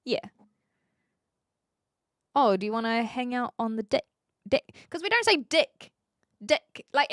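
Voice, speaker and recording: Bright Kiwi woman streamer chatting. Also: fairly high pitch, dry recording, studio quality. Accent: New Zealand. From New Zealand. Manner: chatty, laughs often, answers chat. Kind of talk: casual live-stream chat.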